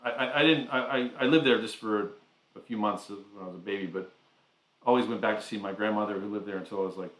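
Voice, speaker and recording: A man co-hosting a casual live stream, talking in halting starts and restarts. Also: on the low side, fairly bright tone, reverberant, poor audio. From United States. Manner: hesitant, many restarts and fillers. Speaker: co-host.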